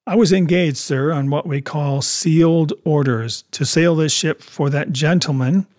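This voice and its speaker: In an audiobook, a man voices a blunt, stern ship captain, speaking in a firm, clipped and direct way. His natural voice sits on the high side with a darkish tone and a measured pace.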